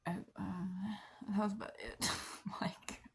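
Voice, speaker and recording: A young woman chatting casually to her camera, rambling with many fillers and soft laughs at herself. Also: mid-range voice, little pitch movement, slow pace, vocal fry, a little hiss or hum. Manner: rambling, many likes and ums, soft self-deprecating laughs. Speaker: vlogger. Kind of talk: casual confessional chat to camera.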